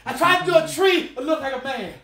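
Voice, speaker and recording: A man preaching a sermon, shouting and laughing with call-and-response. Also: extremely high pitch, fast. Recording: echoey room from far off.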